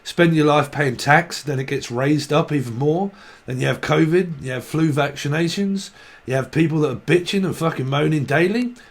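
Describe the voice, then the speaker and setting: A man's voice: on the high side, normal speed. A man giving a casual tarot reading, rambling and blunt, swearing freely. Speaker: tarot reader.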